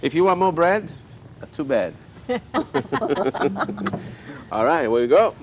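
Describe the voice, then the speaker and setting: A man's voice: fairly high pitch, animated, takes it slowly, noisy background. An older man hosting a cooking show, chatting while he cooks and telling folksy stories with joking asides.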